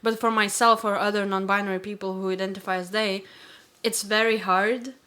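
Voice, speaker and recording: A woman from Lithuania, whose first language is Lithuanian, co-hosting a casual chat and often pausing and restarting her sentences. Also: mid-range voice, flat delivery, pushed and bright, a little hiss or hum. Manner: hesitant, restarts often, laughs easily. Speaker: podcast co-host.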